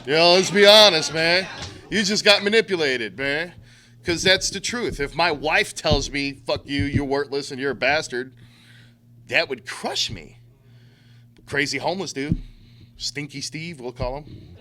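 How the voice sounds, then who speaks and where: A man's voice: on the high side, measured pace, pushed and bright. A middle-aged man giving a blunt, profane talk to a recovery group, using street slang and acting out quotes. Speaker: recovery speaker.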